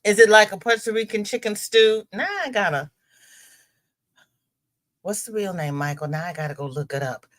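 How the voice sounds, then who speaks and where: A woman's voice: medium pitch, moderate pace, pauses often, fairly bright tone. A middle-aged woman hosting a live stream, chatting casually and rambling between greetings to viewers by name. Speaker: livestream host.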